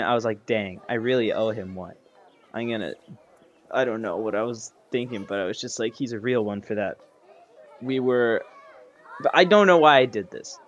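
A man's voice: medium pitch, a bit bright. Rambling young man telling stories. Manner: rambling, self-interrupting storyteller. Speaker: podcast co-host. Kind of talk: casual chat, storytelling. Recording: muffled lo-fi sound.

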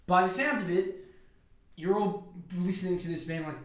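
A young man with an Australian accent rants through his podcast in a slightly high voice, sarcastic, swearing freely and drifting into asides. He sounds like he is in an echoey room. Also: normal speed. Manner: sarcastic and profane, rambling asides. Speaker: podcast host. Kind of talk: casual solo podcast rant.

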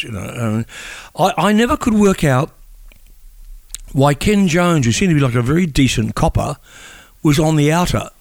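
A man's voice: mid-range voice, creaky, no room sound. An older man, a veteran journalist talking in casual chat and often repeating words as he thinks.

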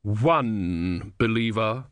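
A man voicing a vast, stately female sea goddess in a slow, cold, measured way. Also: on the low side, fairly bright tone, clear, resonant tone, no echo. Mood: cold, haughty.

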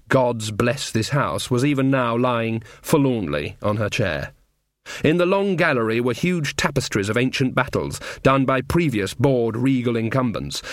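A man narrating a novel in a measured storytelling voice of middling pitch. The recording is dry and close, with no room sound. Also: no echo. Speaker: audiobook narrator. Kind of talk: scripted narration.

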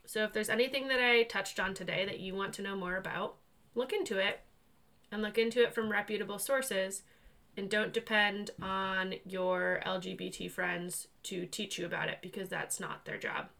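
A young woman co-hosting a podcast in casual chat, bubbly and quick to laugh. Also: mid-range voice, steady tone, creaky, bright, forceful tone. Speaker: podcast co-host.

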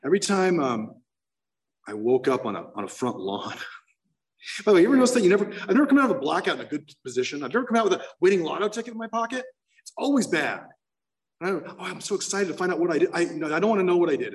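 A man's voice: on the high side, distant mic. Man telling a candid recovery story. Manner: candid, emotional storytelling with restarts. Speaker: speaker sharing his story.

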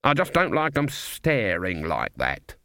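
A man's voice: fairly low pitch, wildly swooping pitch, a little slow, pushed and bright, dry recording, studio quality, exaggerated voice. A man voicing a stern, suspicious old witch woman who speaks curtly. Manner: stern, curt.

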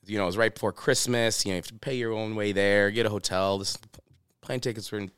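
A man with a very low, smooth and resonant voice talks as a podcast guest. He rambles through his stories, restarting phrases and filling gaps with "you know". The sound is close and dry. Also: fairly even intonation, fast, fairly bright tone, dry recording. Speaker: guest chef and TV host. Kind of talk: casual interview chat.

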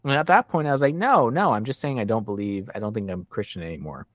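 A man hosting a podcast, chatting casually, animated and laughing as he acts out what others said. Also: on the low side, fast talker. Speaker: podcast host. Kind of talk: casual conversation.

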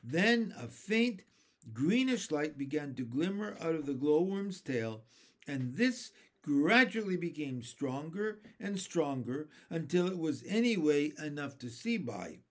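A man reads a children's storybook aloud in a slow, expressive narration. His pitch is lively and sits a little high for a man, and he corrects a small slip now and then. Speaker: reader. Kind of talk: reading a children's book aloud.

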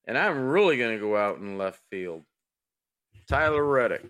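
A man's voice: mid-range voice, sing-song, normal speed, fairly bright tone. A man co-hosting a racing podcast in casual chat, easygoing, asking questions and searching for words. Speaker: podcast co-host.

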